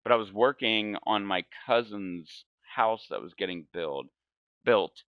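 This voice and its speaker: A man in his forties chats while gaming, drifting from thought to thought and correcting himself with frequent laughs. His voice is low and smooth, and he speaks at an unhurried pace. The audio is dry and a little dull. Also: no echo. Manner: meandering, self-correcting, laughs often. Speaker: gaming channel host. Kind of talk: casual rambling storytelling while gaming.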